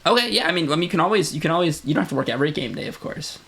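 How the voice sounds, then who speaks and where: Michigan dude co-hosting a chill podcast, kinda high voice with a gravelly fry, rambles and restarts a lot. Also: male voice, expressive, rapid-fire, fairly bright tone. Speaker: podcast co-host. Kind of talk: casual chat.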